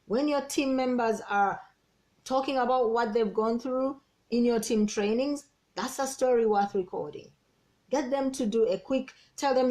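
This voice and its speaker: Energetic woman coaching a sales team. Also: a little high, normal speed. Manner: energetic and persuasive, repeats key words. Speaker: business coach. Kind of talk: team training talk.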